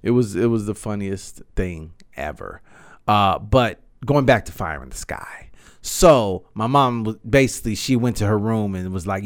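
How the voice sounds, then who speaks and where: A man in his thirties hosting a podcast, telling a story in a rambling, animated way and swearing freely. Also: fairly low pitch, a little slow. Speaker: podcast host. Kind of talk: casual storytelling monologue.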